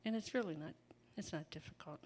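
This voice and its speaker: A woman's voice: lowish voice, brisk, darkish tone. A woman preaching an informal sermon in a chatty, folksy way, laughing often and breaking into asides.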